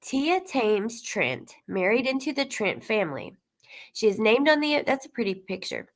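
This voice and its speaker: A woman's voice: on the high side, very animated, moderate pace. Chatty woman rambling through true-crime commentary. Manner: rambling, chatty, talks straight to viewers. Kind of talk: casual commentary reacting to clips.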